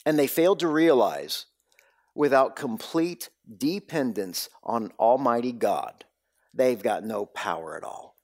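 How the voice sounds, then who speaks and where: A man preaching a sermon, telling the story with dramatic swings between loud bursts and hushed, low lines. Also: lively intonation, unhurried. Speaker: pastor.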